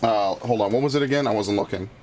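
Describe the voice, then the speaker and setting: A man's voice: on the low side, fast, a little mellow, slight background noise. Profane, heated male gaming streamer. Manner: profane, heated storytelling with frequent restarts. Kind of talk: casual gameplay commentary and ranting.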